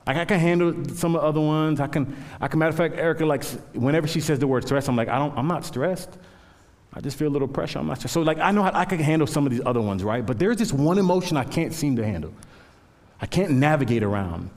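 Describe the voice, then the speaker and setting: A man's voice: fairly high pitch, lively intonation, fast, darkish tone, long reverb tail. A man in his thirties preaching a sermon, telling stories with self-deprecating humor. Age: 30s. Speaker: pastor.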